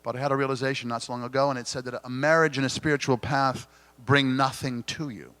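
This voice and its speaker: A man's voice: medium pitch, fairly even intonation, no room sound. Earnest man giving an inspirational keynote. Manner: earnest, gently confessional, dramatic pauses. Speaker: keynote speaker. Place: conference hall stage.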